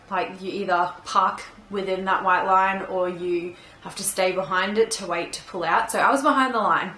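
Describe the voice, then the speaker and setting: A woman's voice: medium pitch, sharp tone, reverberant. A young woman telling a casual storytime to her camera, chatty and full of "like" and "um" fillers. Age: young adult. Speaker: vlogger.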